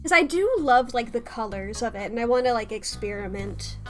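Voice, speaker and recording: A woman's voice: on the high side, lively intonation, a little fast, faint music behind. A young adult woman streamer chatting casually to her viewers, rambling, swearing freely and laughing often.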